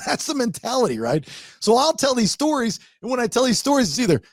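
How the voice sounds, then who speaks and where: A man who hosts a radio and podcast show, chatting casually and telling animated stories from his years in radio. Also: sits high, quick pace, breathy edge, no echo, clean studio sound. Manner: animated storyteller, rising excitement in anecdotes. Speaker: radio host. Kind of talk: casual podcast chat, storytelling.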